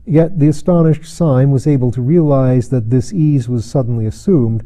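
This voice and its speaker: A man reading a novel aloud as a narrator, measured and steady, acting out the dialogue. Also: mid-range voice, poor audio. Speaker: audiobook narrator. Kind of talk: scripted narration.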